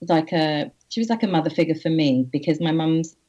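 A woman guest on an interview, candidly telling a personal story in an earnest, halting way with frequent restarts. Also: deep voice, warm tone. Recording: slightly muffled audio.

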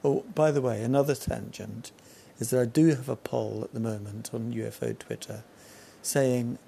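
A man's voice: medium pitch, fairly even intonation, moderate pace, gravelly, mellow, slightly rough. A man hosting a solo podcast outdoors on a balcony, chatting casually and wandering off on tangents. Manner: rambling, jumps between tangents. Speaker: podcast host.

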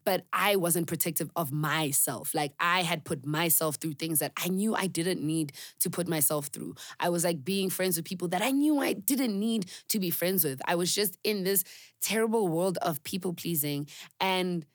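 Earnest woman, low voice. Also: moderate pace, dry recording, studio quality. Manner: earnest, candid, filler-heavy with emphatic repetition. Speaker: podcast host. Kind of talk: reflective personal monologue.

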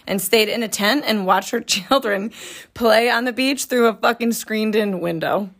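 A woman's voice: a little high, moderate pace, fairly bright tone. A woman co-hosting a podcast in casual chat, with crude, laughing banter. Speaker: podcast co-host.

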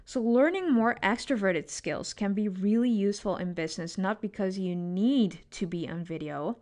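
A woman's voice: medium pitch, moderate pace, darkish tone. A woman psychologist hosting a solo podcast, talking expressively in a coaching tone and often adding "right?" to her points.

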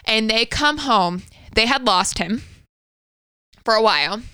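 A woman's voice: fairly high pitch, expressive, a little slow, bright, forceful tone, clean tone, no echo. A woman in her thirties co-hosting a podcast, telling a personal story candidly and swearing freely. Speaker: podcast co-host. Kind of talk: casual conversational storytelling.

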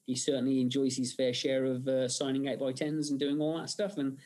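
A man, a film director appearing as a guest in a conversational interview, speaks at length in a mid-range voice that's flat, fairly quick and a little mellow. He rambles like a storyteller, full of fillers and restarts.

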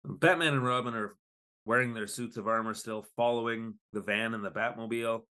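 A man co-hosts a podcast in a relaxed, chatty way. He sits at an ordinary pitch, and as he recaps the story he keeps breaking into quick voices for the characters. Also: clear, resonant tone. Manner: animated, acts out lines in quick voices. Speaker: podcast co-host. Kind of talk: casual recap chat.

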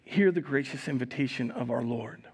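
A male pastor giving a communion sermon in a live church service, reading scripture expressively and adding relaxed, conversational asides. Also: mid-range voice, normal speed, breathy edge. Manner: reads scripture expressively, raising voice for quoted speakers.

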